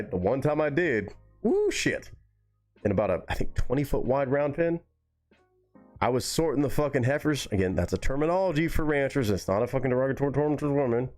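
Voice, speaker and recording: A man on a live stream telling a story in a relaxed, rambling way, swearing freely. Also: medium pitch. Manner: relaxed, rambling and heavily profane.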